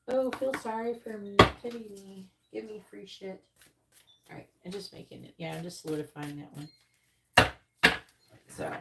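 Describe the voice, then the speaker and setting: A woman's voice: medium pitch, gravelly. Brief: a blunt, foul-mouthed woman reading tarot on a live stream into an earbud mic, with noisy audio. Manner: blunt, profane, exasperated ranting. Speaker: tarot reader hosting a livestream. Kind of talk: casual livestream talk.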